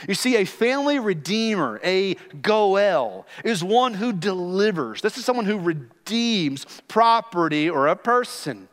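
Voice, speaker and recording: A man's voice: high-pitched, big pitch swings, unhurried, few pauses, fairly bright tone. A man preaching a sermon as pastor, emphatic and teaching, acting out scenes from the text. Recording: long hall reverb.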